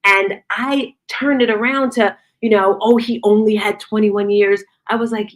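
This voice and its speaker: A woman's voice: medium pitch, fairly even intonation, moderate pace, hardly any pauses. A middle-aged woman giving a casual, earnest motivational talk to viewers, telling a personal story in an upbeat way. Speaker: motivational speaker.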